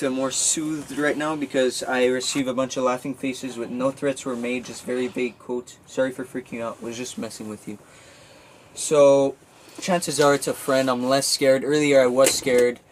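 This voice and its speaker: A man's voice: medium pitch, a little hiss or hum, poor audio. A young man from Quebec vlogging from a camper at night, telling a story nervously with lots of fillers and restarts. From Quebec, Canada. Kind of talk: casual vlog storytelling. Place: outdoors.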